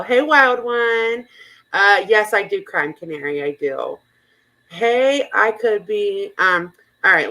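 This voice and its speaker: A woman hosts a stream in casual, offhand chat, with a dry sarcastic edge. Her voice is bright and forward, at an ordinary middle pitch. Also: rough recording. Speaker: stream host.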